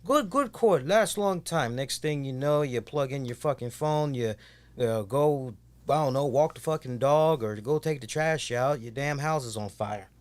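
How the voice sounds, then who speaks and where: A man co-hosting a podcast who tells stories in a casual, animated way and swears constantly. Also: mid-range voice, moderate pace. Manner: heavy swearing, animated storytelling. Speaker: podcast co-host. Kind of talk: casual chat.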